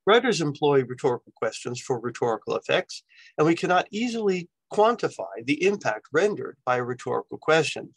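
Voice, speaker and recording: A man lecturing in a relaxed, conversational way, checking in with his listeners by tacking "right?" onto his points. His voice sits in a middle pitch, and the recording is dry and close. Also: husky, no echo, poor audio. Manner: conversational, often adds "right?" as a tag. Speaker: university lecturer.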